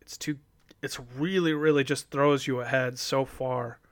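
A man co-hosting a casual card-game discussion, talking in a halting way with many fillers and trailing thoughts. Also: mid-range voice, steady tone, clean tone, no room sound, clean studio sound. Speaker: podcast co-host.

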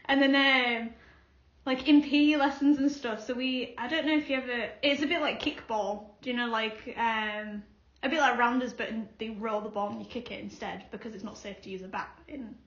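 A podcast co-host with a high voice tells stories at a normal pace in a casual chat, animated and laughing often. The room is echoey and the sound is slightly dull.

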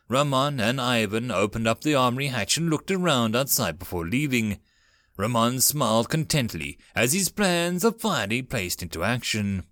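Expressive male audiobook narrator. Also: mid-range voice, dry recording, studio quality. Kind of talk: audiobook reading of a web novel.

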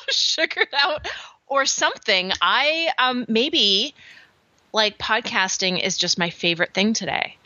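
A woman's voice: medium pitch, bright, forceful tone, dry recording. Upbeat, chatty woman on a dull, dry mic. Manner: upbeat, chatty, with many fillers. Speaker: podcast co-host. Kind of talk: casual podcast chat.

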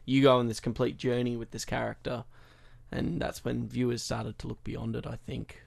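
A man's voice: mid-range voice, flat delivery, normal speed, vocal fry. A man co-hosting a film podcast in casual chat, reasoning through counterarguments. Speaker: podcast co-host.

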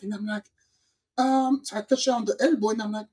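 A woman from the Caribbean hosting a podcast, telling a story in a lively, casual way and acting out the people in it. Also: mid-range voice, quick pace, slightly rough. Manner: animated storyteller, acts out quoted voices. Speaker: podcast host.

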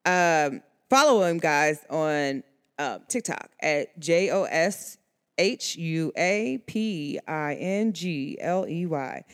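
A woman's voice: sits low, expressive, slow, smooth. A woman hosting an astrology show, chatting casually in a rambling, slangy way and laughing often. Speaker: astrology podcast host. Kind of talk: casual chat.

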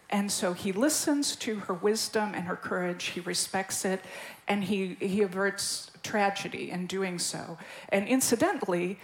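Woman, calm plain storyteller, casual church panel. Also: medium pitch, measured pace, rough recording.

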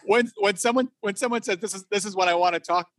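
A man who is a pastor, talking in a casual faith conversation, reflective with dry humor and halting pauses. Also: high-pitched, fairly bright tone, no echo. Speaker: Christian pastor.

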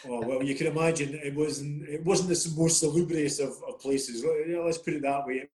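A man's voice: a little high, fairly even intonation, a little fast, a little mellow. A middle-aged Scottish man, a former footballer being interviewed, telling self-deprecating, rambling stories in a casual way. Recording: roomy echoey sound.

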